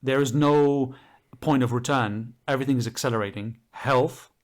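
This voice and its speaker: A man's voice: medium pitch, moderate pace. Enthusiastic man explaining on a podcast. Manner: enthusiastic, explaining at length with fillers. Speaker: podcast co-host. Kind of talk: casual podcast chat.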